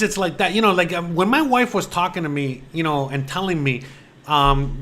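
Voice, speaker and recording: A man's voice: on the high side, fairly bright tone. A man hosting a casual livestream chat, rambling and cursing freely, with constant fillers. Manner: rambling, peppered with "you know" and swearing. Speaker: host. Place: lives in Mexico.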